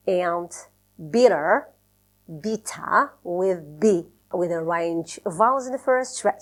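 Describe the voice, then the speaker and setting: Teacher woman drilling vowels. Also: on the low side. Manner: explains slowly with many fillers, repeats drilled words. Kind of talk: English listening lesson.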